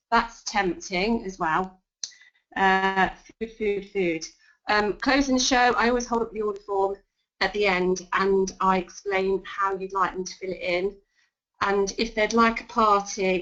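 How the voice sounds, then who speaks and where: A woman's voice: medium pitch, fairly bright tone. A woman giving sales tips in a webinar, chatty and full of ums and restarts. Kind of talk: webinar talk. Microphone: video call. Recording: dull lo-fi web call audio.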